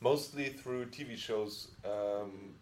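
Brief: male guest, casual, halting phrasing. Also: lowish voice, a loud crowd. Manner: hesitant, repeats words. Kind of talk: casual chat.

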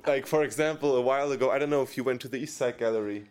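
A man's voice: medium pitch, racing. Hesitant man. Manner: hesitant, repeats words. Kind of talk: casual chat.

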